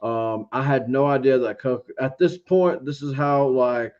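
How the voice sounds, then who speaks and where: A man's voice: medium pitch, measured pace, a little mellow. A man from Georgia tells a long, rambling story in an easygoing interview chat. He keeps acting out what he thought at the time. The recording sounds a little dull and lo-fi. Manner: rambling storyteller, acts out his own past thoughts. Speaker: interview guest, beard reviewer.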